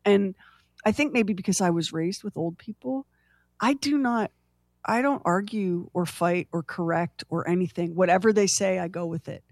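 A woman's voice: on the low side, normal speed, dry recording, studio quality. Chatty woman radio co-host. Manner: chatty, laughs often, self-deprecating. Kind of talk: casual morning radio chat.

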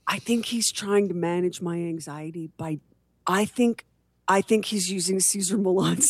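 A woman co-hosting a casual podcast chat, animated and joking at her own expense. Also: on the low side, unhurried. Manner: animated, joking, self-deprecating. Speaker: podcast co-host.

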